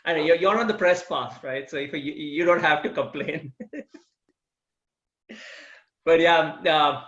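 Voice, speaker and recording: A chatty man with a fairly high voice teases the others on a panel. His audio sounds dull and muffled. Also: measured pace, fairly bright tone. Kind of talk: casual banter.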